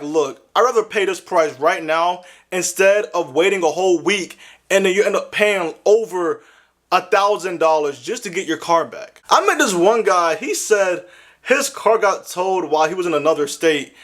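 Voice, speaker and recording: A man's voice: high voice, fairly bright tone. A young man telling a comedic story with lots of slang, sounding exasperated. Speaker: animated storyteller.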